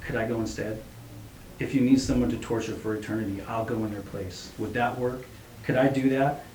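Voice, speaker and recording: A man voicing a desperate father who protests and begs for his children, loud and strained. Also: medium pitch, steady tone, fairly quick, natural voice. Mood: begging. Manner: pleading, crying out. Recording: roomy echo, faint hum.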